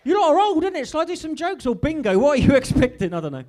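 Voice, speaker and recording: A man's voice: extremely high pitch, very animated, darkish tone. An English man from Norfolk doing a live stand-up comedy set in an industrial unit, chatty and teasing with the crowd. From Norfolk, England. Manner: chatty, teasing crowd work with quick asides.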